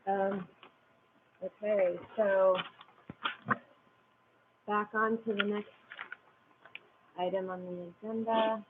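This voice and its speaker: A woman's voice: medium pitch, little pitch movement, takes it slowly, long pauses. A woman at a board meeting keeps things moving with short, hesitant remarks. The recording is tinny and phone-like, with plenty of noise behind her. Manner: brief, hesitant interjections. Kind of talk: casual meeting chat.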